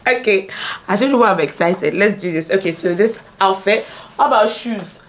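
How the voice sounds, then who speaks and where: A woman's voice: medium pitch, normal speed, few pauses, a little hiss or hum. A young woman in a casual behind-the-scenes vlog, chatting playfully to her viewers while getting ready at home. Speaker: beauty and lifestyle vlogger. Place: at home, among her filming lights.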